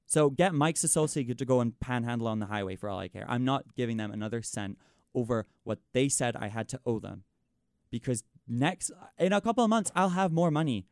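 A man's voice: on the high side, a little mellow, dry recording, studio quality. A young man hosting a college radio show, venting in a frustrated rant full of "like" and "it's like". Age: young adult. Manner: exasperated ranting, frequent "like" and "it's like". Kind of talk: venting on air.

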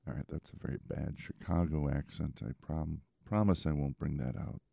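A middle-aged man hosting a radio music show, talking in a laid-back, chatty way with lots of small pauses. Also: rumbling low, fairly even intonation, gravelly, mellow, no echo, clean studio sound. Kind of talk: casual radio show patter.

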